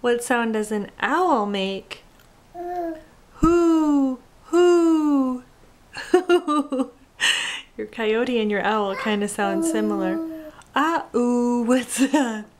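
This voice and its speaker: A woman talking baby talk to a toddler, coaxing in a slow sing-song voice and imitating animal sounds. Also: fairly high pitch, expressive.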